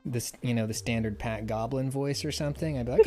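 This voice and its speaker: Man chatting, voice actor, mid-pitched, rambling with restarts, casual talk. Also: fairly quick, over music. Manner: rambling, many restarts and fillers. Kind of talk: casual chat.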